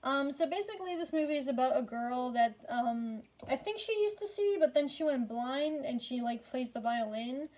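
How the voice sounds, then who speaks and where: A woman's voice: high voice, lively intonation, normal speed, hardly any pauses, a little mellow. A tired woman casually ranking movies in a rambling, profane way, full of fillers and frequent swearing. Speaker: movie reviewer.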